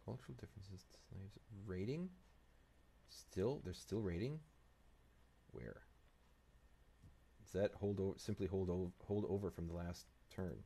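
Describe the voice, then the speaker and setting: A man with a deep, low voice talks through his moves in a strategy game. He thinks aloud and mutters at the units on screen. There is a faint hiss behind him. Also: unhurried, gravelly, pauses often, mellow. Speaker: let's play host.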